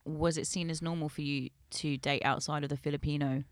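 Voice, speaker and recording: A woman's voice: sits low, steady tone, fairly quick, dry recording, studio quality. A woman hosting a casual podcast chat, posing questions and explaining the thinking behind them. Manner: leading, explains her questions.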